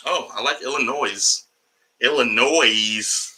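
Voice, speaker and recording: A man with a lowish, sharp-toned voice and measured pace runs a casual, rambling comedy livestream from home. He's profane, jumps between topics, and talks to his cat along the way, all on a low-quality recording.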